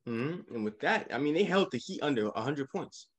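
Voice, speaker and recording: A man co-hosting a casual sports podcast, walking through game recaps with lively emphasis. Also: mid-range voice, normal speed. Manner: animated, leads the game recaps. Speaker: podcast co-host.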